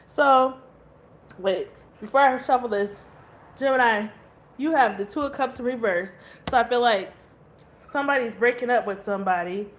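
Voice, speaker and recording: Chatty woman tarot reader, higher voice. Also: normal speed, a little hiss or hum. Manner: rambling, swears casually, laughs often. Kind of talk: casual chatty tarot reading.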